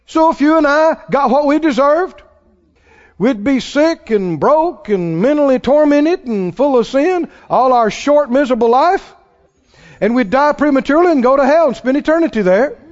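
High-voiced emphatic male preacher, hall reverb. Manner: emphatic, folksy, acts out quoted people. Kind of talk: sermon. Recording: dull sound with long hall reverb.

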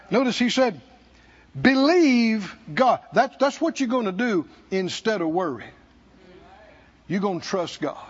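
A man preaching a sermon as pastor, calling for responses from the congregation and rising to shouts. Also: high-pitched, slightly rough. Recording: dull lo-fi sermon recording.

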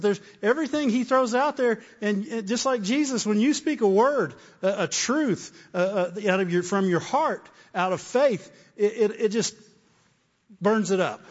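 A man preaching a sermon with repeated phrases, often asking "Amen?". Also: high-pitched. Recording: dull, echoey hall.

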